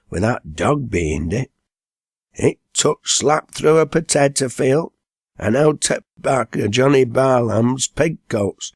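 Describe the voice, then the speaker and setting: A man's voice: medium pitch, no room sound, clean studio sound. A man doing a rambling, jittery Lancashire farmhand. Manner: rambling, excitable dialect tale.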